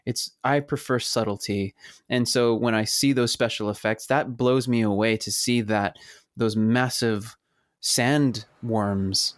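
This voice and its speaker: A man talking films in a loose, rambling way, stopping and restarting his sentences and getting animated. His voice sits mid-range and is recorded dry and close, with no room sound. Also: mid-range voice, a little slow, no echo. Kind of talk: casual film discussion.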